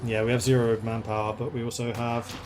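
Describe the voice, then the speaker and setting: A man's voice: medium pitch, little pitch movement, brisk, noisy background. A man streaming a strategy game, thinking aloud in a chatty, playful way as he plays. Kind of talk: casual gameplay commentary.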